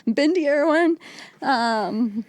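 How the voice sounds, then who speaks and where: A woman in her late twenties, a comedian guest on a podcast, who chats casually and keeps laughing at herself. Her voice sits a little high and is recorded dry and close, with no room sound. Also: animated, slow, no echo. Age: late 20s. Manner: self-deprecating, laughs often.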